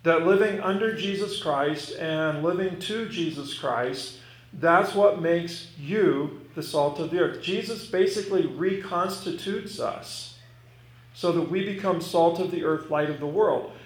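A man's voice: fairly high pitch, a little slow. A man preaching a sermon as pastor, stressing key words and repeating his main lines. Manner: emphatic, repeating key phrases. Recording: echoey room with some noise.

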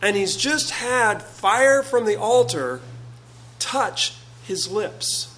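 A man preaching a sermon, earnest and halting, often repeating words as he builds a point. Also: high-pitched, lively intonation, fairly bright tone, low-quality recording.

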